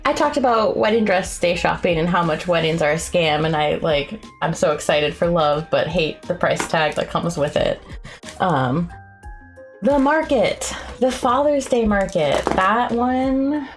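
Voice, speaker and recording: A woman artist chatting casually on a co-working livestream, effusive and excitable, sometimes breaking into high squeals. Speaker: artist streaming a co-working session.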